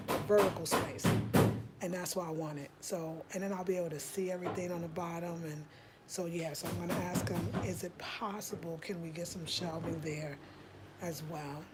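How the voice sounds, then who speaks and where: A woman hosting a home design live stream from her rented house, chatting excitedly with viewers and calling them y'all. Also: lowish voice. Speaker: home design channel host.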